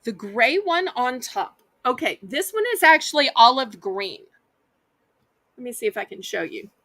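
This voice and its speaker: A woman's voice: fairly high pitch, sing-song, normal speed, pushed and bright, no echo. A woman with a Southern US accent hosting a live online auction, chatting in a folksy way and talking straight to her viewers. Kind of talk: live-stream auction selling.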